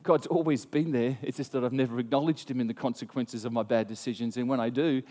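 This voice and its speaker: A man preaching a sermon, telling a story in an animated way with frequent restarts. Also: mid-range voice, fast, big-room sound. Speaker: pastor.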